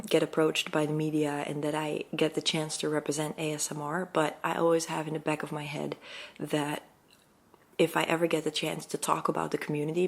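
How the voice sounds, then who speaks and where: A woman who makes ASMR videos, chatting to her viewers in a casual vlog, talking fast and excitedly with lots of fillers and sometimes drifting into soft whispers. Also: low-pitched, gravelly.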